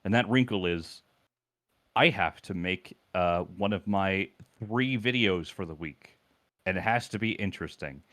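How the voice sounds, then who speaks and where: A man's voice: low-pitched, a little slow, a bit bright. A man in casual gaming chat, talking things through thoughtfully and hesitantly, with many fillers. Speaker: stream co-commentator.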